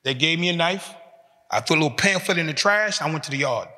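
A man in his fifties speaks in a high, bright voice. He tells his story with emphasis and leans on short, repeated phrases. His voice rings out with a long echo in a large hall. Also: animated, quick pace. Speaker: speaker giving a talk to prisoners. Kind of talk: motivational talk.

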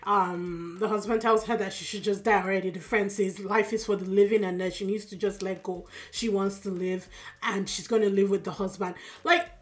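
A tired woman with a Yoruba accent, casually recapping a TV drama for her channel in a chatty, expressive way with lots of fillers. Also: medium pitch, moderate pace. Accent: Yoruba-accented English. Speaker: drama reaction YouTuber.

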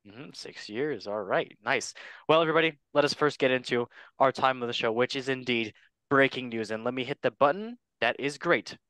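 A man hosting a casual, jokey football talk show, swinging between loud bits and quiet asides. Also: mid-range voice, moderate pace, clean tone, no echo. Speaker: host. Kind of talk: casual comedic sports chat.

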